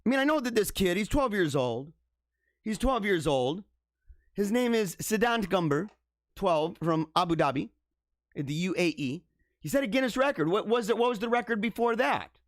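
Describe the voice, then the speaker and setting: A man's voice: high-pitched, brisk, no room sound, clean studio sound. A man hosting a live show, riffing casually with a lot of laughter, stammering restarts and mock disbelief. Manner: animated, incredulous, laughs often, stammers. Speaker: show host. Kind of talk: casual live-stream commentary.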